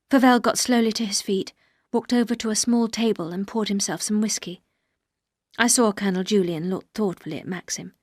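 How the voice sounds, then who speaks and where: A woman narrating a story for language learners, clear and careful, at a mid pitch. The reading is steady and even. The sound is dry and close to the mic. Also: no echo.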